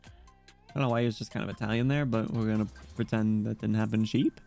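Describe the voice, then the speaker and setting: A man's voice: fairly low pitch, fairly even intonation, a little fast, creaky, warm tone. A young man streaming a game, reacting in an amused, slangy, casual way. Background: game music.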